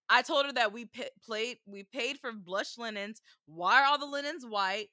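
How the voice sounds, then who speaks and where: A woman's voice: a little high, a little fast, hardly any pauses, bright, forceful tone, dry recording, studio quality. A woman co-hosting a casual chat, telling a story with lots of "like" and loose, chatty phrasing. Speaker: podcast co-host, bride.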